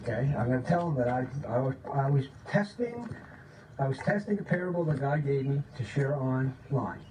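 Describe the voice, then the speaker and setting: A man giving an informal, excited spiritual talk, often checking in with "okay?" and sometimes dropping to a low voice to demonstrate. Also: normal speed. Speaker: spiritual teacher. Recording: distant mic with faint background noise.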